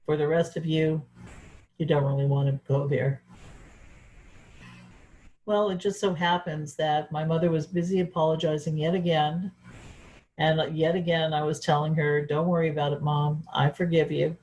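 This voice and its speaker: A woman's voice: low-pitched, fairly even intonation, normal speed, long pauses, darkish tone, poor audio. A woman speaker giving an earnest, reflective talk about her own life. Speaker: event speaker. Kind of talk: personal storytelling talk.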